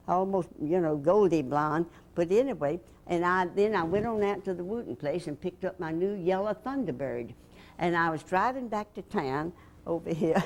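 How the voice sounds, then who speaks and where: Low-voiced older woman telling stories. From Alabama, USA. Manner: lively storyteller who acts out the voices in her anecdotes. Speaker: interviewee, former radio host and reporter. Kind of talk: storytelling reminiscence.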